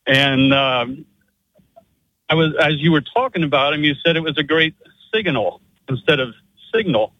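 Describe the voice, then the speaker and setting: A man's voice: a little high, normal speed, long pauses, dry recording. A man from Pennsylvania calling into a radio show, hesitant and teasing. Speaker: caller. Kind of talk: phone call to radio show. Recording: muffled phone line.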